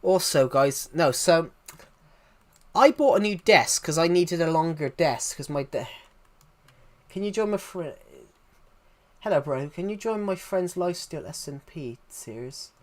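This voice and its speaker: A man with a Southwest English accent, from England, speaks unhurriedly in a slightly high voice with lively intonation. He rambles on a casual live stream, restarting often as he answers viewers' messages.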